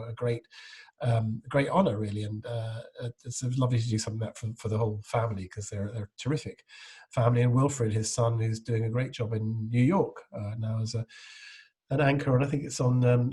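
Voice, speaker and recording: Brief: middle-aged male guest, mid-pitched and husky, casual anecdotal chat full of restarts. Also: mellow. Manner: rambling anecdotes, frequent restarts. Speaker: guest, impressionist.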